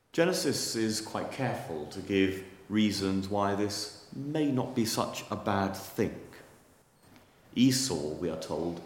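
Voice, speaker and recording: Man, sermon, deep low voice, measured, wry storytelling, echoey church. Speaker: preacher.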